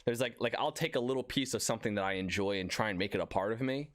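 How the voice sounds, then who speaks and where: A man's voice: lowish voice, fast talker, dry recording, clean studio sound. A young man from Northeast Philadelphia co-hosting a podcast, rambling in casual chat with lots of fillers. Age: young adult. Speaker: podcast co-host.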